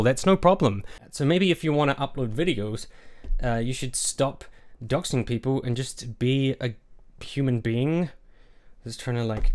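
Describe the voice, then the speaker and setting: Brief: an irate man vlogging a cursing, sarcastic rant, middle-pitched voice. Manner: angry, sarcastic, heavily profane. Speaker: YouTuber. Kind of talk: profane rant vlog.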